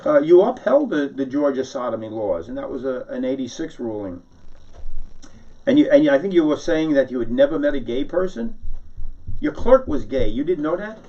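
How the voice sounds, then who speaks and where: A man's voice: medium pitch, sing-song, moderate pace, dark tone. A man from New York City doing a sarcastic, needling one-sided mock phone call, rambling with many restarts. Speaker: satirical monologuist. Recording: dull, distant lo-fi recording.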